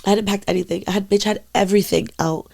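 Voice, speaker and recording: A woman's voice: medium pitch, steady tone, fast, gravelly, warm tone. A young woman co-hosting a podcast, telling a personal story in casual chat, full of "like" and swearing freely. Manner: candid storytelling, heavy filler "like", swears freely. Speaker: podcast co-host.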